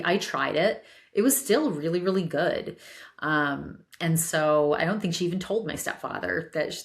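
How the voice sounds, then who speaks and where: Low-voiced chatty woman podcaster. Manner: chatty, repeats words, lively storytelling. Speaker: podcast host. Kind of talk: casual solo podcast chat.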